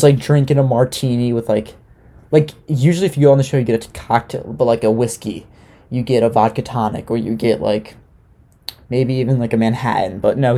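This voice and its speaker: A young man talking loosely and sarcastically, like a podcast host recapping television. His voice is mellow and dark, sitting at a middle pitch. He drops in a curse now and then without much fuss. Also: creaky. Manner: loose, sarcastic, swears casually. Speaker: podcast host recapping a reality dating show. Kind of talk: casual chat.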